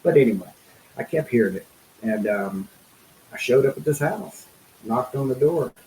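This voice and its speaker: A middle-aged man speaking as a guest in an interview, telling a personal story in an earnest, halting way, full of fillers and restarts. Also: medium pitch, lively intonation, darkish tone, echoey room, a little hiss or hum, low-quality recording.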